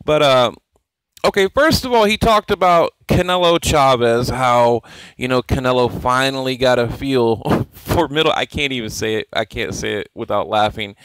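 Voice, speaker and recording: Dude doing a boxing vlog rant, smooth clear voice, dry sound, keeps laughing. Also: male voice, medium pitch, dry recording, rough recording. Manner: animated, laughing, repeats himself, mimics others. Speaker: boxing channel host. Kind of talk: casual commentary vlog.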